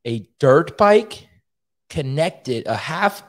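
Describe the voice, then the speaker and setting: A man's voice: on the high side, big pitch swings, drawn-out words. A man hosting a podcast, telling a story in a casual, profane and self-mocking way. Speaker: podcast host.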